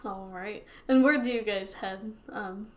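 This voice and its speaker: Slow-talking giggly woman game master. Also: medium pitch. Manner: laughs often, unhurried. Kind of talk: narrating a tabletop game, casual and giggly.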